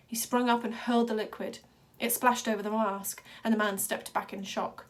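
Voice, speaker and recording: A woman reads a storybook aloud at a middling pitch for a woman, telling it with steady drama. Her narration moves evenly between tense moments. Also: normal speed. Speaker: reader.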